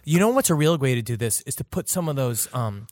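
A man's voice: medium pitch, expressive, brisk, darkish tone, dry recording, clean studio sound. A man co-hosting a podcast, riffing in casual comedic chat with mock-serious jokes. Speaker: podcast co-host.

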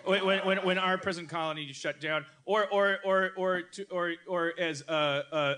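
Stammery rambling guy hosting live comedy, slightly high voice, noisy stage. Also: moderate pace, few pauses. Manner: rambling, stammering, laughs mid-sentence. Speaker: comedy show host.

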